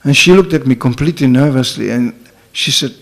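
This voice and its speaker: This spiritual teacher is an older man with a medium-pitched, slightly creaky voice that moves a little fast. His talk is sermon storytelling full of humorous anecdotes, told chattily with frequent "you know"s and laughter at his own tales.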